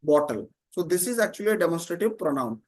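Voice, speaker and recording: A man teaching an online grammar class, explaining slowly, repeating terms and often checking "Okay?". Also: fairly high pitch, very animated.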